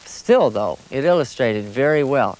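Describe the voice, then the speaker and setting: A man recounting his walking travels as a lively anecdote, his voice climbing high at the funny moments. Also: unhurried. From United States. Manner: animated, rising sharply at the funny parts. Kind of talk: anecdotal storytelling.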